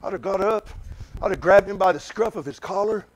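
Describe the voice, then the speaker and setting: A man preaching a sermon, talking conversationally to his congregation with many questions, moving between loud urgent bursts and quiet asides. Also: sits high, fairly quick, slight background noise.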